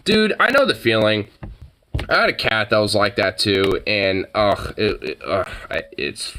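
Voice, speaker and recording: Slow, lively casual streamer. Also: mid-range voice, slight background noise. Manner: profane, scolds and coos at pets; reacts to chat messages. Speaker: live streamer. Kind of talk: casual live-stream chat.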